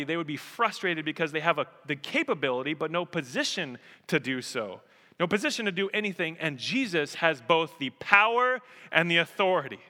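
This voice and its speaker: Un pastore uomo che predica con enfasi narrativa, voce brillante e un po' alta, in una chiesa con lungo riverbero. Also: male voice, fairly high pitch, big-room sound. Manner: animated storyteller, emphatic. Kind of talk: sermon with storytelling.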